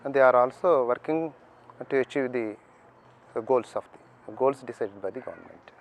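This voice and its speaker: A man talking about his school's program in a halting interview statement, with many pauses. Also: mid-range voice, a little hiss or hum. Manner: halting, many fillers and restarts.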